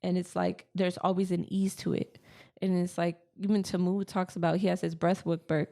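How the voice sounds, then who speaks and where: Gravelly low woman, earnest and rambling. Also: little pitch movement, normal speed, warm tone. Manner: earnest, rambling, many fillers like "you know what I mean". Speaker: podcast co-host. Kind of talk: casual spiritual chat.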